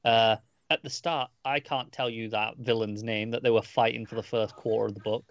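A man's voice: on the low side, fairly even intonation, normal speed, no room sound, highs cut off. A man co-hosting a casual podcast, reviewing a comic book in a rambling, hesitant way with many restarts.

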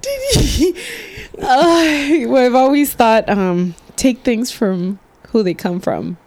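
A woman's voice: a little high, lively intonation, slow pace, a little mellow. A woman co-hosting a podcast in casual chat, playful and laughing a lot, slipping into Spanish phrases. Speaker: podcast co-host.

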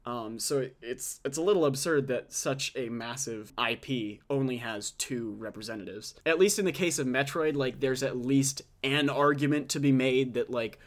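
A man's voice: mid-range voice, normal speed, hardly any pauses. A man co-hosting a casual podcast, chatting and reading out news items with frequent fillers. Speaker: podcast co-host.

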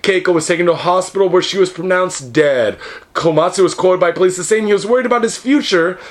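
A man with a fairly high voice co-hosts a podcast in loose, casual chat. He jokes crudely and swears freely. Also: fast. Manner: crude, joking, profane. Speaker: podcast co-host.

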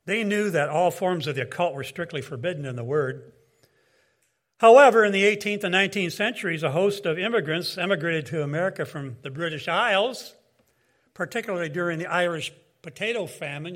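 A man delivering a sermon in an earnest, measured tone, dropping in casual asides as he goes. His voice sits a little higher than most men's. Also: fairly bright tone. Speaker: preacher.

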